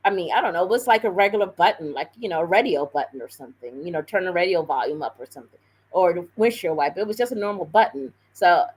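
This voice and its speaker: A woman's voice: on the low side, expressive, fast talker, husky, poor audio. A woman on a live stream telling a story in a casual, rambling way, full of fillers and self-corrections.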